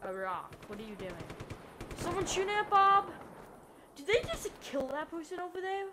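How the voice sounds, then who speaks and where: A woman giving excitable let's-play commentary, yelping and chatting to the characters in her game. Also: high voice, moderate pace, background noise. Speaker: gamer.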